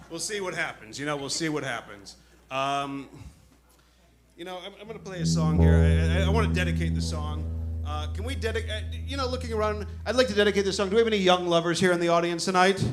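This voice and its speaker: A man performing a stand-up comedy set on a club stage, telling a story in an animated way and acting out other people's voices. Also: high-pitched. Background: audience laughter.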